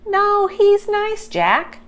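An eager, fearless little girl from a storybook, as a woman reader puts her on. Her voice sits high and bounces with curiosity, every line delivered slowly and brightly. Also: big pitch swings, full character voice. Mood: cheerful. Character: excited young girl Annie, curious and fearless.

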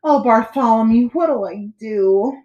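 A woman's voice: high-pitched, wildly swooping pitch, unhurried, darkish tone, roomy sound, dull audio, pitched above the performer's own voice, full character voice. A woman voicing a panicky male royal trumpeter in a storybook reading. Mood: wailing. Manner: indignant, then helpless and wailing.

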